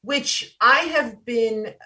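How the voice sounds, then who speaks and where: A woman's voice: fairly high pitch, very slow, sharp tone, recorded from a distance. A woman from New York co-hosting a podcast who talks in an enthusiastic, rambling way and gives the guests compliments. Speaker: podcast co-host. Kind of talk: casual podcast conversation.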